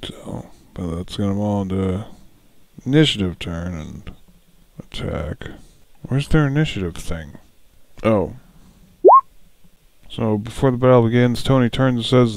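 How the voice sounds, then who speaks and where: A man's voice: on the low side, measured pace, vocal fry, a little mellow, no echo. A man running a solo tabletop game as dungeon master, musing aloud, correcting himself and chuckling often.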